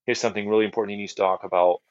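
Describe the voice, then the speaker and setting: A man's voice: lowish voice, fairly even intonation, racing, darkish tone, no echo. A middle-aged man from the United States telling a personal testimony on a podcast, earnest, with repeated phrases and many fillers. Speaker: guest ministry leader. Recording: dry, slightly dull podcast audio.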